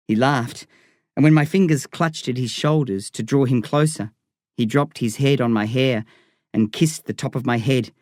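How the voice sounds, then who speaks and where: A man narrates a novel in a steady first-person telling, at a middling pitch. The recording is dry and close, with no room sound. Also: dry recording. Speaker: audiobook narrator. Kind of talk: audiobook reading of a novel.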